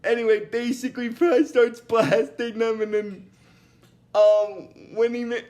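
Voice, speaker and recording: A man's voice: extremely high pitch, fairly even intonation, unhurried, darkish tone, soft background music. A man recapping a cartoon episode in a casual, rambling way, with many restarts and fillers and bursts of giggling.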